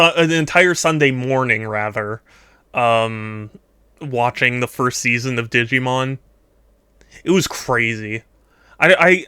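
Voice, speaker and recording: Smooth-voiced man chatting on stream. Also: medium pitch, sharp tone, no echo, studio quality. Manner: rambling, chatty, laughs often, trails off in thought. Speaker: streamer taking art requests. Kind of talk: casual live-stream chat while drawing.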